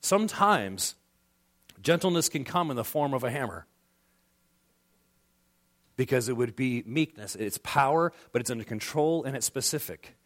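A man's voice: mid-range voice, animated, normal speed, long pauses, a bit bright. A middle-aged man preaching a sermon as pastor, conversational, acting out quoted voices.

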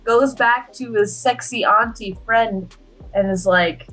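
Young female co-host, higher voice, loose sweary movie recap with quick character impressions. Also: fairly bright tone, faint music behind, poor audio. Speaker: podcast co-host. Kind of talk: casual movie recap chat.

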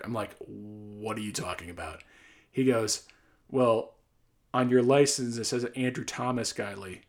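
Young man, casual storytelling, mid pitch, rambling, exasperated. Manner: rambling, exasperated anecdote with quoted dialogue.

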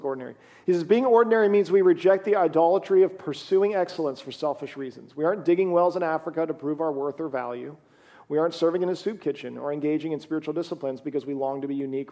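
A man's voice: a little high, gravelly, warm tone. A man preaching a sermon in a conversational way, reading scripture aloud as he goes. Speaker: pastor.

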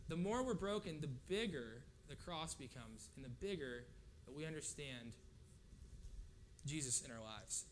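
A man's voice: fairly high pitch, lively intonation, unhurried, a little hiss or hum. A man preaching a sermon in a casual, conversational way, often checking in with the audience. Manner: casual, conversational, frequent "right?" asides.

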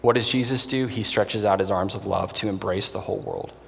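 A man preaching a sermon in an earnest, emphatic way, pausing for weight. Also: on the low side, vocal fry, big-room sound, a little hiss or hum. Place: church.

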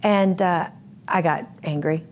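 A woman's voice: on the low side, fairly even intonation, slow pace, a little mellow, a little hiss or hum. A woman giving a candid interview, telling her story bluntly and vividly. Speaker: interview guest.

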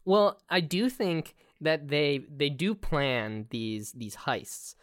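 A woman co-hosting a casual movie podcast, relaxed, agreeing easily and laughing quietly. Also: low-pitched, takes it slowly, no echo, clean studio sound. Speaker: podcast co-host. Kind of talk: casual movie-review chat.

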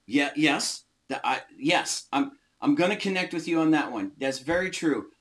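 A man teaching an informal Bible study, explaining words slowly and stressing single words. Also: fairly high pitch, lively intonation, fairly bright tone. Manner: slow, emphatic, often stressing single words.

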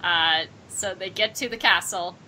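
A woman's voice: on the low side, a little slow, bright, forceful tone, low-quality recording. A woman co-hosting a casual movie discussion, animatedly recapping the plot and playfully quoting characters. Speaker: podcast co-host.

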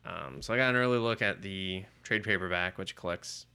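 A podcast co-host with a deep, smooth voice talks briskly in a pushed, bright way while casually reviewing comics. He retells one comic's plot in a rambling, profane way packed with filler words.

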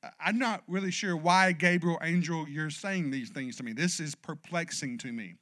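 Man putting on a baffled young Mary, halting and doubtful, high and bright. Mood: perplexed. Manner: halting, stammering disbelief.

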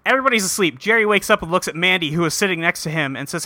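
A man's voice: high-pitched, animated, racing, bright, forceful tone, no echo. A man on a podcast recapping a cartoon episode in casual chat, rambling with many ums and acting out the characters' lines.

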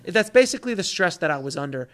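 A man in his thirties tells a long personal story as a guest on a talk show. He speaks a bit higher than most men and animates his quotes with different voices. His delivery is casual and full of restarts. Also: sing-song, fast talker. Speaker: author guest.

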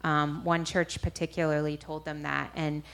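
A woman minister recounts a personal testimony to an audience. She tells it in an animated way, often restarting and correcting herself mid-sentence. Her voice sits slightly low. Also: normal speed, vocal fry. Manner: animated storytelling with frequent self-corrections. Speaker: street minister.

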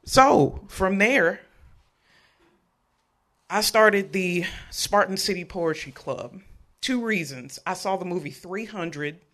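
Man, 30s, live storyteller, high-pitched, bright, animated, playful with audience. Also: slow pace, pauses often. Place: live event venue.

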